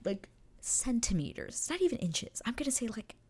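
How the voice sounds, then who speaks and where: A woman's voice: on the high side, sing-song, normal speed, a little mellow, slightly rough. A young woman hosting a show, casually recapping a scene in a gushing, breathless way. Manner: gushing, breathless retelling with acted quotes. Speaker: show reaction host.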